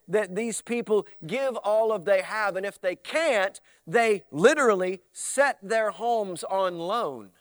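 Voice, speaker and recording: Man, pastor, animated preaching, high voice, dry close sound. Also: dry recording. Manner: animated preaching with mock voices, swinging loud to soft. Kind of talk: sermon.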